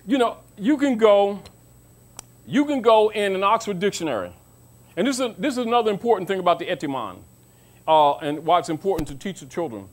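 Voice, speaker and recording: High-voiced man lecturing, preachy. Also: lively intonation, brisk. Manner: preachy, rhetorical questions, mocking asides; calls listeners baby. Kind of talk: informal lecture to an audience.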